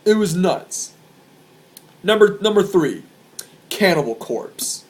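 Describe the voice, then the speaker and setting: A young man with a somewhat high-pitched voice tells stories straight to camera. He rambles and restarts, swears often and sounds excited as he talks. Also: slow. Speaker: vlogger. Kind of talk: casual storytelling to camera.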